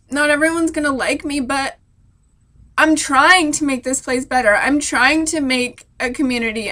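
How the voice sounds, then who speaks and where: A woman's voice: high-pitched, pushed and bright. A young woman, a military spouse, talking through tears in an emotional personal vlog, rambling with many "like" fillers. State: crying. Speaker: vlogger. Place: hotel room.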